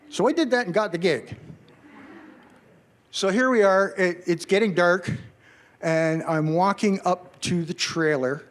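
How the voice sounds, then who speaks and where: A man's voice: sits high, unhurried, long pauses. A middle-aged man from Canada, a journalist telling a story to a live audience and acting out what people said. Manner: animated, acts out quoted voices.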